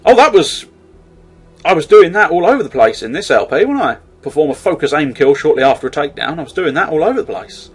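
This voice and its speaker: A man giving casual video game commentary, rambling with jokey asides and the occasional loud outburst. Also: a little high, sing-song, fast talker, slightly rough. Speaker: let's play host.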